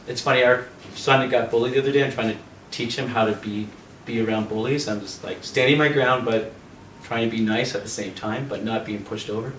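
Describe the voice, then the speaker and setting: A man from Canada tells a lively story on a video call, laughing often and acting out voices. He sits back from the mic in a roomy space, with faint hiss underneath. His pitch sits in the middle range. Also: moderate pace, long pauses, recorded from a distance. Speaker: yoga teacher and host.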